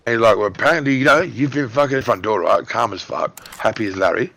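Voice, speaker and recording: Loud, excitable Australian man. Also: medium pitch, fast talker, gravelly. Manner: loud, excitable, heavy swearing. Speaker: gamer on voice chat. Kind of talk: casual chat telling a story mid-game.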